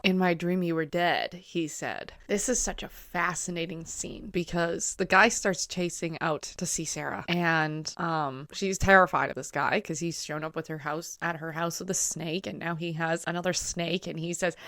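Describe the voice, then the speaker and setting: A woman with a fairly low voice talks through a film in a loose, chatty way, laughing often and filling pauses with "um." The sound is dry and close, with no room around her. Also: fairly even intonation, a bit bright, no room sound. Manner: chatty, laughs often, acts out quoted lines; frequent fillers and hesitations. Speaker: film commentator. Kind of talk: casual film commentary.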